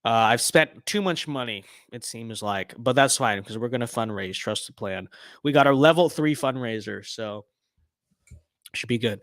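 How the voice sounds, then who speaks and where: A man's voice: medium pitch, moderate pace, fairly bright tone, no room sound, studio quality. A young man streaming a game, giving casual rambling commentary with tongue-in-cheek bragging.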